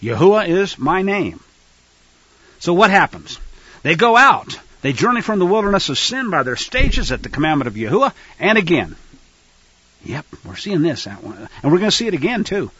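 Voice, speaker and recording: A man teaching scripture to a fellowship, animated and acting out quoted lines. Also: high-pitched, moderate pace, husky, no room sound, lo-fi sound.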